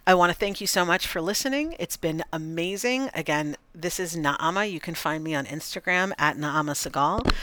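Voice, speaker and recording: A woman hosting a coaching podcast, calmly demonstrating and encouraging her listeners. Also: low voice, dry recording.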